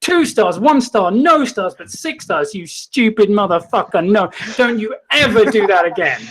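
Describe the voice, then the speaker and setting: A man putting on a furious middle-aged man with a Kentucky drawl, ranting slowly and repetitively down a phone. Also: high-pitched, lively intonation, fairly bright tone. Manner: slow, swearing, repetitive tirade.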